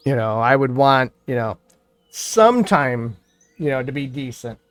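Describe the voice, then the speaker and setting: A man's voice: medium pitch, lively intonation, unhurried, fairly bright tone, dry recording, faint music behind. A man from New York State chatting casually on a live game stream, rambling and thinking aloud as he plays. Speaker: gaming streamer. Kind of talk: casual live-stream chat while playing.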